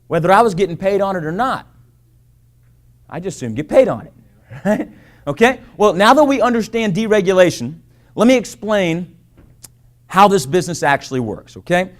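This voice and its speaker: A man giving an emphatic sales presentation to a live audience, repeating key phrases and checking in with "right?" and "okay?". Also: high-pitched. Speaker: business presenter.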